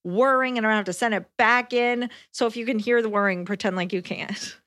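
Higher-voiced woman with wry complaints. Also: fairly quick, a bit bright. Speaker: podcast co-host. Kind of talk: casual chat.

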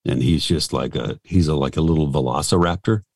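A man's voice: very deep voice, a little fast, a little mellow, dry recording, clean studio sound. A middle-aged male voice actor talking casually and frankly in an interview, rambling and self-deprecating.

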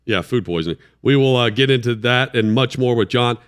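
A man hosting a sports talk show, bantering and reading the show's plugs briskly. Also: mid-range voice, smooth. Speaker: sports radio host.

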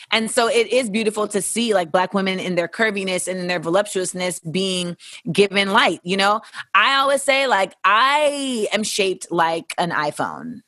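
A woman's voice: medium pitch, fairly bright tone, no room sound. Woman host, blunt and profane, casual listener-question monologue, dry close mic. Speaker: podcast host.

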